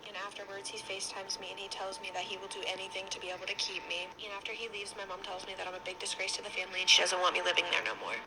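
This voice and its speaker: Fast-talking young woman telling a story. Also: medium pitch, little pitch movement, background noise. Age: young adult. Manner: rapid chatty retelling with frequent "like". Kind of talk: casual storytime monologue.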